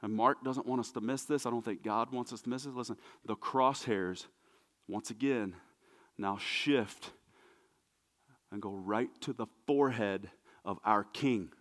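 A man preaching a sermon as pastor, emphatic and repetitive, dropping to hushed asides. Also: mid-range voice, measured pace, big-room sound. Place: church sanctuary.

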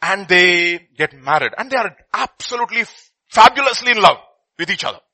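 A middle-aged man telling a story in a sermon, swinging between loud and hushed. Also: sits high, expressive, brisk, no echo, rough recording.

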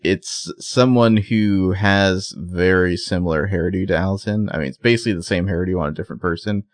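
A man's voice: sits low, brisk, no echo. A man co-hosting a podcast, casually recapping a TV episode in a rambling, chatty way and laughing often. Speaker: podcast co-host.

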